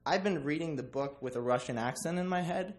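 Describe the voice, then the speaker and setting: A man's voice: fairly high pitch, fairly quick. A young man giving a class book presentation, joking with many ums. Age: young adult. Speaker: student presenter.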